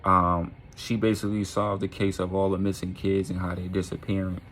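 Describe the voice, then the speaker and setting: A man telling a dark story in a casual, animated storytime manner, profane and often asking "right?". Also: sits low, brisk, a little hiss or hum.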